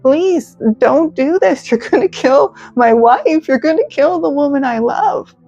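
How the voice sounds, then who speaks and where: A woman's voice: high voice, lively intonation, a little slow, mellow, pitched above the performer's own voice. A woman voicing a grieving merman husband who pleads desperately. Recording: slightly dull, faint music.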